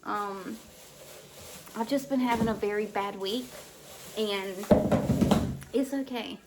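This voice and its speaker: A stay-at-home mom vlogging at home in casual chat, hesitant with many fillers and restarts, sounding overwhelmed and emotional. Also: female voice, mid-range voice, takes it slowly, a little hiss or hum. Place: at home indoors. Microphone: camera mic.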